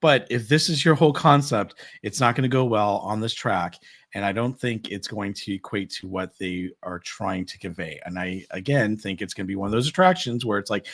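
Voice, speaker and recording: A man co-hosting a podcast in casual, opinionated chat, sarcastic and quick to mock with exaggerated quotes. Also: on the low side, a bit bright, dry recording, clean studio sound. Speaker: podcast co-host.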